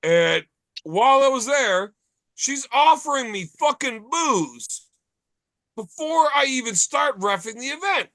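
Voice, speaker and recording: A man's voice: very high-pitched, sing-song, unhurried, a bit bright, dry recording. A man hosting a casual bar chat podcast, telling profane, rambling stories. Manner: profane, storytelling. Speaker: podcast host.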